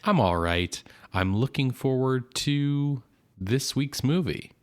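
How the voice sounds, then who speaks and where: A man co-hosting a podcast in casual chat, stuffed up and congested, pushing his voice low. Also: animated, slow, a little mellow. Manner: talks low to hide a stuffed nose. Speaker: podcast co-host.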